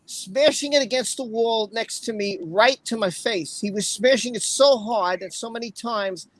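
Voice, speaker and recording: A woman's voice: fairly high pitch, moderate pace, dry recording. A woman hosting a casual livestream, reading aloud, exclaiming often and breaking into laughter. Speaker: livestream host.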